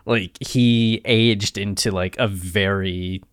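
A male podcast co-host in casual chat, spinning a story in a playful, rambling way. His voice sits on the low side. The sound is dry and close to the mic. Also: fairly even intonation, slow, no room sound.

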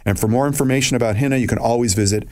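A man's voice: medium pitch, racing, a little mellow. A man hosting a talk show, interviewing a guest in casual banter with a jokey, self-mocking manner. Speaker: radio show host.

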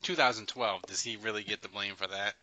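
A man hosting a casual sports podcast, animated and teasing, often laughing with his co-hosts. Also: lowish voice, a little fast, a crowd in the background, rough recording. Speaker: podcast host.

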